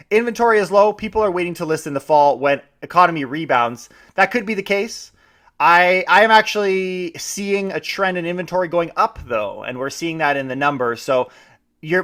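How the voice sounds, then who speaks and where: A man's voice: a little high, a bit bright. A man hosting a podcast, talking in a chatty, enthusiastic way with frequent restarts. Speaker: podcast host. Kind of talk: casual podcast commentary.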